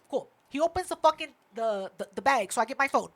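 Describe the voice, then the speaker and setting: A young woman tells a story on a podcast in a high, lively voice. She swears freely and jumps into other people's lines as she goes. The tone is casual and fast-moving. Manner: animated, swears a lot, acts out quotes. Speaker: podcast co-host.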